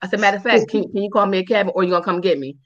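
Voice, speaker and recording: Fast-talking woman telling a story. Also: dull audio. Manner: animated, profane, acts out quotes in high squeals. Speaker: podcast co-host. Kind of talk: casual storytelling chat.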